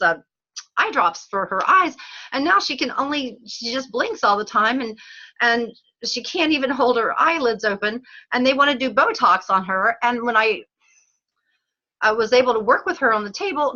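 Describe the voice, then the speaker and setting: A woman hosting a casual teleseries chat, bubbly and quick to laugh, who acts out little voices as she talks. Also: fairly high pitch, bright, forceful tone, highs cut off. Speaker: host. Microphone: phone or call line.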